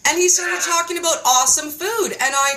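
A woman hosting a casual chat, telling stories in an animated, playful way and acting out quotes. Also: extremely high pitch, a little fast, vocal fry, rough recording. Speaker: host.

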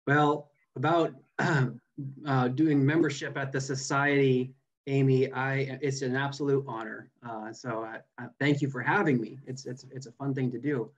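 A man's voice: mid-range voice, fairly even intonation, measured pace, lo-fi sound. A young man from California giving a casual online seminar as a botanist, with many fillers and restarts, over a video call. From California, USA. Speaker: guest speaker, botanist.

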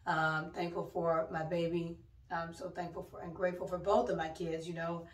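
A woman's voice: on the low side, level tone, moderate pace. Chatty mother vlogging in a roomy space. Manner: chatty storytelling, exclaims "oh my God". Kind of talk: casual chatty vlog. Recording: roomy, mic a bit distant.

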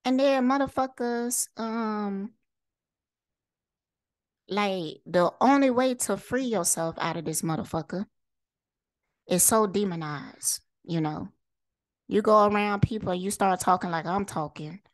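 Speaking directly to the camera, a woman vlogger launches into an impassioned, profanity-laced rant full of rhetorical questions and repeated lines. Her medium-pitched voice is a little slow and pauses often, with no room sound.

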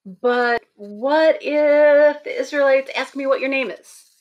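Brief: reluctant man of God, nervous and halting, slightly raised pitch, played by a woman in a sermon. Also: muffled recording. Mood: anxious. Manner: hesitant and stammering. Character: nervous reluctant male prophet, full of excuses.

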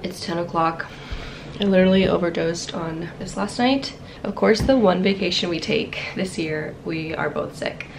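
A woman's voice: fairly low pitch, normal speed, vocal fry, slight background noise, low-quality recording. A woman vlogging casually in a chatty, upbeat way, her voice nasal from being sick with a sore throat. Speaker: travel vlogger. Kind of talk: casual vlog narration. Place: hotel room and city streets. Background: background music.

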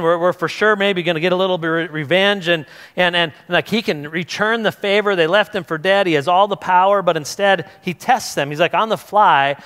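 A male pastor with a high-pitched, fairly bright voice preaches in a church hall, retelling a scripture story casually. He restarts often and voices each character along the way, with long church hall reverb on the recording.

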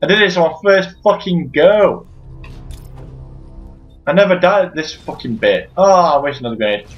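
A high-voiced man with a wildly swinging pitch, swearing and barking at enemies as he plays through a shooter. The recording is dull and lo-fi, with faint game music underneath. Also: animated, normal speed. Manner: profane, frustrated outbursts and shouting at enemies. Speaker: gamer playing through a shooter. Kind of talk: let's play commentary.

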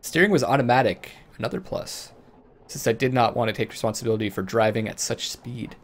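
A man's voice: mid-range voice, fairly quick. A man hosting a let's play, reading the game's story aloud and breaking into jokey asides. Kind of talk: reading game text aloud with casual asides.

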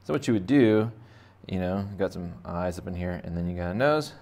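Sketching as he talks, a male art teacher walks kids through a casual, jokey, rambling drawing lesson and thinks aloud. His low voice is expressive and a little mellow, with vocal fry and a slightly fast pace.

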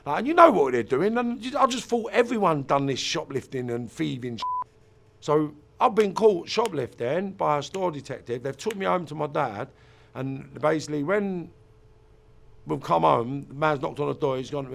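British man, gravelly, somewhat high voice, interviewee with a raw emotional delivery. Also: animated, normal speed. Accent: British English. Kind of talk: recounting his childhood.

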